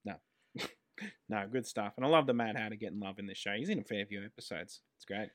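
A man's voice: on the low side, quick pace, a bit bright. An Australian man co-hosting a podcast, chatting casually and cracking jokes in short remarks. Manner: joking, brief interjections. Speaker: podcast co-host. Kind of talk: casual chat.

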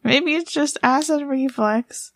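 A woman's voice: sits high, slow pace, dry recording, studio quality. A woman co-hosting a casual chat, giving short replies and teasing her partner. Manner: brief backchannel replies, teasing.

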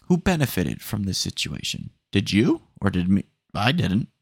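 A man's voice: on the low side, big pitch swings, moderate pace, vocal fry, husky, dry recording, clean studio sound. A young man hosting a casual solo podcast, telling rambling stream-of-consciousness stories and often saying dude. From Texas. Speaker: podcast host.

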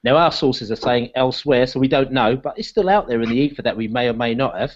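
A man's voice: medium pitch, fast talker, dull audio. A man hosting a casual football podcast, running through the news and passing questions to his co-hosts. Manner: leads the talk, hands questions to the panel. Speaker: podcast host.

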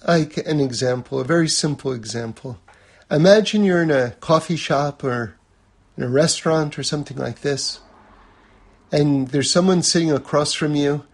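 A man teaching a lesson on a religious text, talking conversationally and using everyday examples. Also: on the high side.

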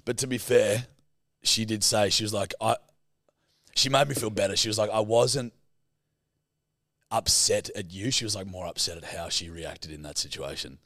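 Casting note: young Aussie man, low and gravelly, laid-back storyteller, dry close mic. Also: moderate pace, pauses often, a bit bright, dry recording. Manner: swearing, laughing, acts out quotes. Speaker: podcast co-host. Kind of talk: casual chat, storytelling.

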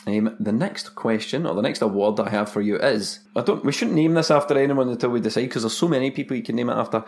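A Scottish man hosting a casual football podcast, animated and bantering as he runs through the awards. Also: mid-range voice, fast. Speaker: podcast host.

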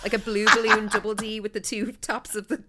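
A woman's voice: medium pitch, flat delivery, fairly quick, very noisy. An Irish woman hosting a podcast, telling gossipy stories in casual chat with plenty of laughter. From Ireland. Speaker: podcast host.

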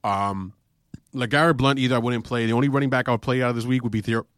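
A man co-hosting a casual podcast, rambling quickly and repeating his picks. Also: medium pitch, steady tone, fairly bright tone, smooth, no echo, studio quality. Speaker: podcast co-host. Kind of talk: casual fantasy football chat.

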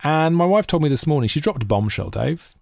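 A man's voice: fairly high pitch, lively intonation, fairly quick, vocal fry, a little mellow, dry recording, studio quality. A man co-hosting a podcast in casual chat, jokey and rambling. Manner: jokey, rambling, slips into silly voices. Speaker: podcast co-host.

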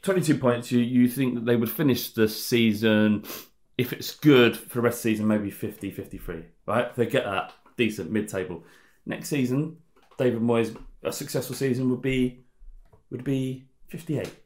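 A man co-hosting a podcast, thinking out loud in casual chat and often repeating words. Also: medium pitch, normal speed, echoey room. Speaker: podcast co-host.

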